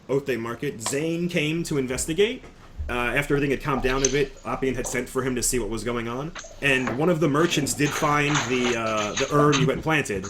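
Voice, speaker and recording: A man's voice: mid-range voice, noisy background. Man casually recapping a tabletop game. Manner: casual, rambling recap with fillers. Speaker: game master.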